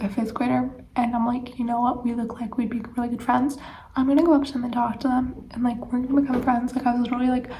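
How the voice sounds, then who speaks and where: A woman's voice: fairly high pitch, warm tone, slight background noise. Tired teenage girl rambling in half-whispers. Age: teens. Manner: rambling, filler-heavy, often drops to a whisper. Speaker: vlogger. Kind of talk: late-night casual chat to camera.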